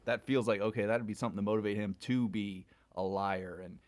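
A man's voice: fairly low pitch, steady tone, fairly quick. A man with a Southern US accent co-hosting a casual movie review chat, joking as he talks. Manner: joking, laughs easily. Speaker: film review co-host.

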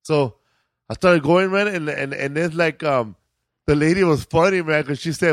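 A man in casual chat, telling a story in an animated, slangy way, often saying "bro" and "man". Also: fairly high pitch, moderate pace, no echo, studio quality.

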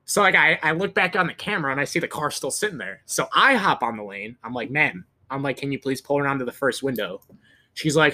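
A man's voice: a little high, lively intonation, fairly quick, pushed and bright. A young man co-hosting a podcast, telling stories in casual chat, rambling and swearing with lots of restarts. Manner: rambling, profane storytelling with many restarts. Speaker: podcast co-host.

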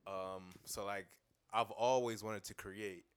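A young man with a very low, smooth and resonant voice, speaking as a guest on a casual podcast. He talks earnestly and thoughtfully, often pausing on fillers as he works through his point. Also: steady tone.

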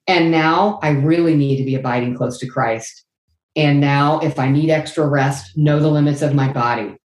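A middle-aged woman with a low-pitched voice speaks earnestly and candidly as an interview guest. She acts out lively quotes as she talks. Her voice rings in an echoey room. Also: normal speed. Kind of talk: faith-based interview answer.

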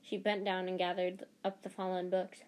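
A woman's voice: lowish voice, monotone, normal speed, darkish tone. A woman narrating a novel aloud, reading steadily with small restarts and self-corrections.

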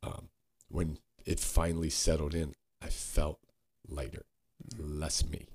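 A man co-hosting a podcast, talking earnestly and haltingly, searching for words and swearing now and then. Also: rumbling low, level tone, a little mellow, slightly rough. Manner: frequent swearing. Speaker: podcast co-host. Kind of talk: candid reflective conversation.

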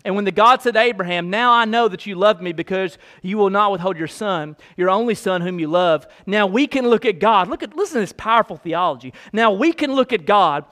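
High-voiced man preaching a sermon. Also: animated, a little fast, hardly any pauses, a bit bright. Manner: swings from low reading voice to high emphatic preaching; reads long quotations aloud. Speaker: pastor.

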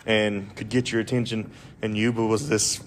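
A man's voice: fairly low pitch, level tone, normal speed, a little hiss or hum. A man hosting a podcast in casual conversation, earnest, with stammering restarts. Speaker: podcast host.

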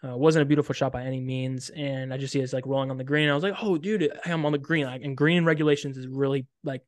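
A young man co-hosting a podcast, telling a story in casual chat with lots of "like" and sudden excited bursts. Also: mid-range voice, fast, dry recording. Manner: animated, loud bursts when reliving excitement, frequent "like". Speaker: podcast co-host.

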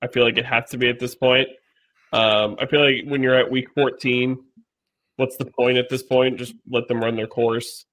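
A man's voice: medium pitch, little pitch movement, moderate pace, a bit bright. A man co-hosting a casual sports talk show, laid-back and musing, often saying "I feel like.". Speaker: podcast co-host.

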